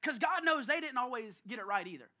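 Bright-voiced animated male pastor. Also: extremely high pitch, fast. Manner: animated, conversational, speaks to listeners by name. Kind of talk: storytelling sermon. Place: church service.

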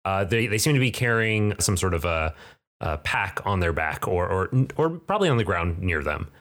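A man narrating as game master, halting and restarting as he describes the scene. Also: low voice, sing-song, fairly bright tone. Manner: halting, lots of fillers and restarts.

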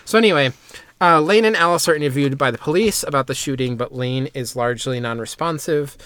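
A man talks through an anime episode on a casual podcast, stopping often for fillers and side remarks. His voice sits at an ordinary pitch and is recorded dry and close, with no room sound. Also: fairly quick, a bit bright, clear, resonant tone, no room sound. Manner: rambling, filler-heavy recap with asides. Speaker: podcast host summarizing an anime. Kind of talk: casual chat.

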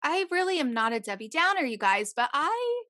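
Woman, bright voice, chatty storyteller, swears freely, dry close sound. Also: high voice, very animated, fairly quick, dry recording. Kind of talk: casual chat, storytelling.

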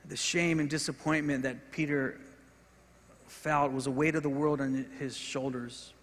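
A male pastor preaching a sermon in earnest, swinging between forceful emphasis and quiet, with frequent repeated words. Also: a little high, steady tone, unhurried. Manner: earnest preaching, rising in intensity and dropping to soft, repeated words. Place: church sanctuary. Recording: hall reverb.

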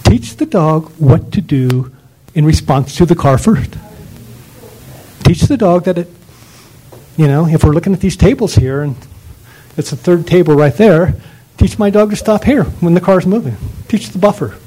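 A man's voice: a little high, normal speed, mellow, husky, low-quality recording. A man lecturing on dog training in an emphatic, ranting way, full of rhetorical questions.

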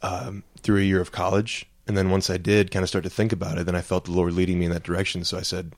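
Earnest, flat-voiced man from Alabama. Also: low voice, no room sound. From Mobile, Alabama. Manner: earnest, halting. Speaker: seminarian guest. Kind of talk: casual podcast answer.

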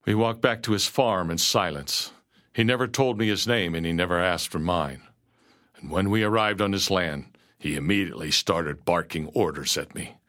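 A man's voice: low-pitched, normal speed, fairly bright tone. A man narrating a first-person storybook tale in an earnest, dramatic way.

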